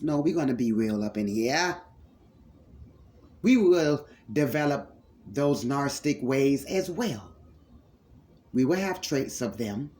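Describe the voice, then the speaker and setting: Man, spiritual healer-preacher, slightly higher voice, slow fervent sermon, repeats phrases, calls listeners loved ones. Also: darkish tone.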